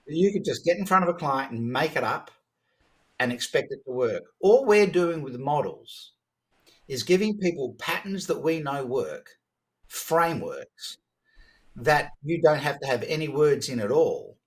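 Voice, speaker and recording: Animated man in his fifties. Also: on the high side. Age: 50s. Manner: animated, quick to act out dialogue, frequent restarts. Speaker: podcast guest, sales strategist. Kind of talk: conversational storytelling.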